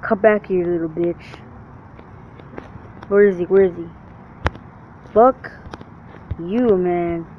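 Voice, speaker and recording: A man narrating his gameplay in a brash, trash-talking way, cursing at everyone on screen. His voice sits at an ordinary pitch for a man. The recording sounds dull and lo-fi, with a faint hiss underneath. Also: fairly even intonation, takes it slowly, pauses often. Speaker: gamer. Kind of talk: profane let's-play commentary.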